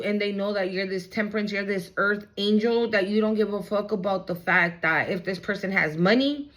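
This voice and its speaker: A woman does a casual tarot reading for her audience, chatting in an animated way, swearing freely and often checking in with "okay?" and "right?". Her voice sits at medium pitch.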